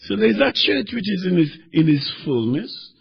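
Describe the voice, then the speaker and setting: A man preaching a sermon, swinging between fervent shouting and quieter teaching as he reads scripture. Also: high voice, very animated, normal speed, gravelly, slightly rough. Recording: dull lo-fi recording.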